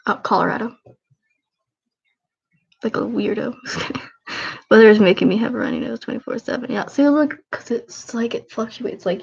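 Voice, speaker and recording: A tired, sniffly woman in her twenties rambles through casual livestream chat, low-key and self-deprecating. Her voice has a gravelly, creaky edge. The audio is dull and lo-fi. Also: darkish tone. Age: 20s.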